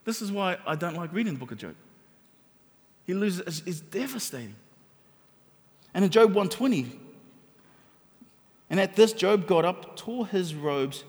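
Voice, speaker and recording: A man preaching a sermon, talking animatedly and conversationally, often restarting his sentences. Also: high-pitched. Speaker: pastor. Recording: hall with long reverb.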